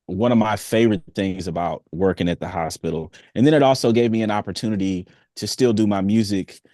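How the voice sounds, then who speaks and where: A young adult man, a singer, chatting casually in an interview with an easygoing, animated manner. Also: lowish voice, a little fast, no room sound, studio quality. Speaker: singer, guest.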